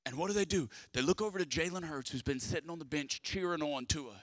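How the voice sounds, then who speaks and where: A young man preaching a sermon in a lively, conversational way, swinging from loud bursts to quiet asides. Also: fairly high pitch, quick pace, dry recording. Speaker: pastor.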